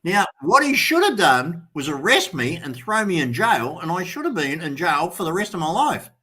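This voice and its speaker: A man's voice: on the high side, normal speed. A man hosting a live stream, telling a story in a casual way and acting out the other people in it. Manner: animated storyteller acting out quoted voices. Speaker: show host.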